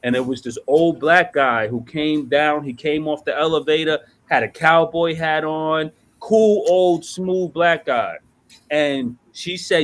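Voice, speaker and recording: A man's voice: fairly high pitch, a little slow, fairly bright tone. A man shares his personal recovery testimony. He speaks earnestly and with emotion, in a loose, conversational storyteller's way.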